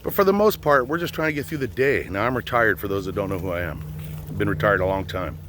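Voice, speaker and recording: An older man, a retired police officer, rants bluntly and with plenty of profanity to the camera while out on a boat in a swamp. His voice sits on the low side, expressive and fairly bright, and he talks fast. A little hiss or hum runs under the outdoor recording.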